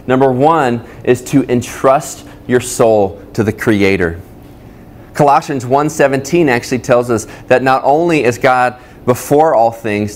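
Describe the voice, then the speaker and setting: A male pastor preaching to his congregation in a plain, conversational way. His voice sits at an ordinary middle pitch, and he speaks straight to the people in front of him and to those watching online. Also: slight background noise. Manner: conversational, addresses listeners directly. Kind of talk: sermon. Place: church service, streamed online.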